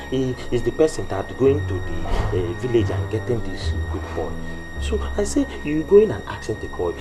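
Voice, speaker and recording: A woman plays a shop owner who speaks broken English and stammers as she pleads. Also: extremely low pitch. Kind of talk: film drama acting. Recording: film audio with loud score.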